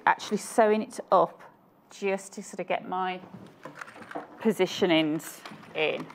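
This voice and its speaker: A woman's voice: lowish voice, a little slow, noisy background. A woman guest designer chatting through each step of a live sewing demonstration. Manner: chatty, explains each step as she works.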